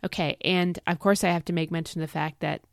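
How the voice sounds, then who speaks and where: A woman's voice: on the low side, steady tone, fast talker, vocal fry, dry recording, clean studio sound. A woman hosting a devotional podcast, speaking earnestly and encouragingly, often repeating key phrases for emphasis. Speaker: podcast host.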